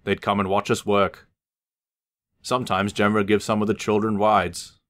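A man voicing a gentle, hardworking old male traction engine in a storybook reading, talking softly and modestly. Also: fairly low pitch, level tone, moderate pace, voice pushed up, close to an everyday voice. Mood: wistful.

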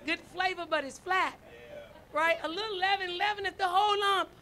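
A woman's voice: very high-pitched, steady tone, normal speed, sharp tone. A woman preaching a sermon, folksy and storytelling, calling out to her congregation. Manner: folksy, storytelling, calls out to congregation with "y'all" and "right?". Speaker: first lady preacher.

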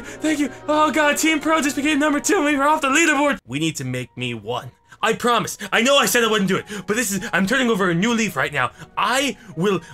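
A man giving comedic gameplay commentary, excitable and mock-serious with crude jokes. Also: sits high. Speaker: gaming commentator. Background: background music.

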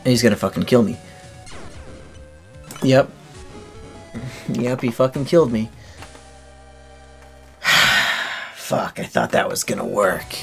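A man's voice: medium pitch, a bit bright. A man giving let's play commentary on a video game, talking to himself and swearing in frustration. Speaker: gaming streamer.

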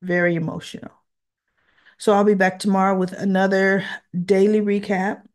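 A woman's voice: medium pitch, normal speed. Exasperated, teary woman recapping a soap. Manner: exasperated, animated retelling. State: emotional, teary. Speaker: soap opera recap vlogger. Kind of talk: casual recap monologue.

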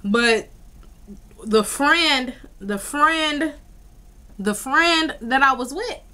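Animated young woman telling a story. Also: high-pitched, very slow. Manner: animated, slangy storytelling full of "like" and "y'all". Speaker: vlogger. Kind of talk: casual storytime vlog.

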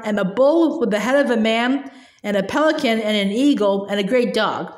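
A woman's voice: fairly high pitch, moderate pace. A woman reading a children's novel aloud, often stumbling with fillers and restarts. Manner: hesitant, with frequent fillers and restarts. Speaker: storybook reader. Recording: roomy echo.

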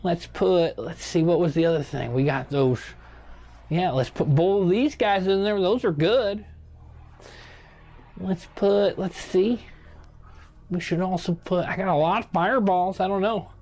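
A man's voice: sits high, unhurried, a little mellow. A man doing a rambling older statesman gamer. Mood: chatty. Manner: rambling, muttering to himself while picking cards. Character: rambling older male statesman, touchy and self-assured. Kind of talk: comedic gaming commentary in character.

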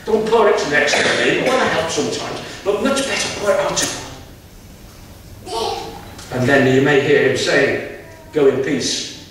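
A man's voice: a little high, animated, measured pace, pauses often, a bit bright. A man preaching a sermon in a chatty, folksy storytelling way with homely asides. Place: church hall. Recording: echoey hall, mic at distance, faint noise.

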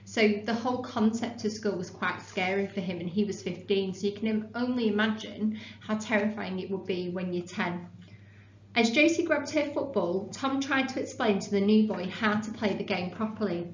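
A woman teacher explaining punctuation and reading a novel aloud in a clear, measured way, recorded in a classroom. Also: mid-range voice. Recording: echoey room, dull sound, faint hum.

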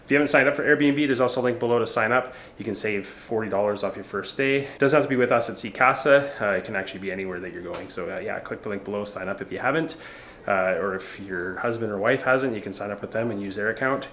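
A man's voice: on the low side, fast, a bit bright. A man chatting casually for a travel vlog, easygoing and rambling with lots of fillers, filmed on a handheld camera. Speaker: travel vlogger. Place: outdoors at a beach restaurant and a rental condo. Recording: noisy handheld outdoor audio.

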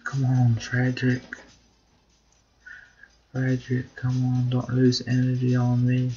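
A man's voice: medium pitch, completely flat delivery, takes it slowly, warm tone, dull audio, soft background music. A man doing casual gameplay commentary, cheering on and pleading with his duck in a mock British accent. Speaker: gamer, video host.

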